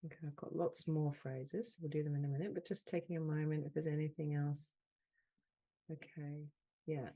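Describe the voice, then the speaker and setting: A woman with a low, warm voice leads a guided healing session over a video call. She speaks in slow, soothing phrases and repeats each one gently. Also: steady tone. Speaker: soul mentor leading a group call.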